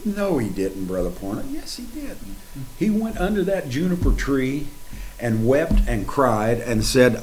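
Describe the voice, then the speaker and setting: A man preaching a sermon in a dramatic, folksy way, swinging from hushed to loud and speaking straight to his listeners. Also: mid-range voice, big pitch swings, unhurried, a little hiss or hum, poor audio.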